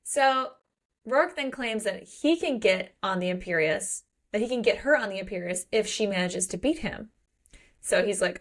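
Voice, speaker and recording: A woman co-hosting a casual book podcast, lively, acting out characters' lines and swearing casually. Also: medium pitch, moderate pace. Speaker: podcast co-host.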